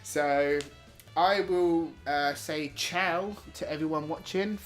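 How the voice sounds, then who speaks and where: A man's voice: on the high side, takes it slowly, over music. A young British man hosting a casual review chat, rambling and laughing often as he corrects himself. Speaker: YouTube reviewer and host.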